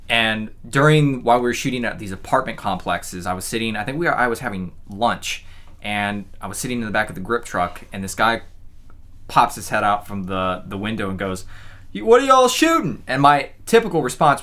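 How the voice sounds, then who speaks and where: Man, podcast co-host, casual chat, lively storyteller, laughs a lot. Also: on the low side, brisk. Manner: animated storyteller, laughs often. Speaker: podcast co-host, film crew member.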